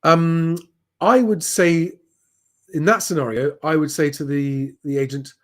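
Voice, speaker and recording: A man hosts a live stream and answers viewer questions one by one. His voice sits a little higher than most men's. He talks in a loose, easygoing way, often pausing on "um". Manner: relaxed, conversational, frequent "um" fillers.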